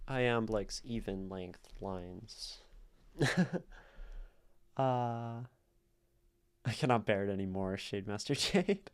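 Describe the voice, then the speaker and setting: A man hosting a live stream, casually explaining poetry, thinking aloud and answering questions from chat. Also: fairly low pitch. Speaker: streamer host critiquing poetry.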